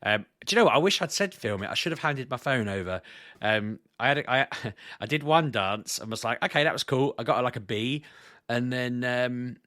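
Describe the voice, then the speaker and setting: A man co-hosting a podcast, telling rambling stories in a chatty, animated way and laughing often. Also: medium pitch, moderate pace, no echo, studio quality. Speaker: podcast co-host. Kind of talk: casual podcast chat.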